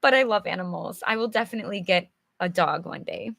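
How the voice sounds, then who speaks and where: A woman's voice: lowish voice, a little fast, gravelly, a bit bright, dry recording, clean studio sound. A young adult woman teaching English on a live stream, reading a storybook and chatting patiently with viewers while explaining words simply. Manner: chatty, answers viewers' comments.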